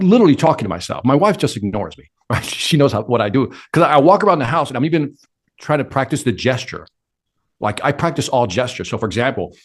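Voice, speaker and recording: A middle-aged man answering interview questions with energy, acting out quotes and his own inner talk. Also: mid-range voice. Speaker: sales speaker and interview guest.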